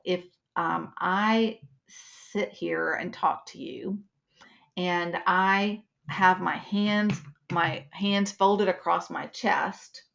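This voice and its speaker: A woman's voice: lowish voice, vocal fry, lo-fi sound. A woman instructor giving a live webinar lesson, explaining points with acted-out examples.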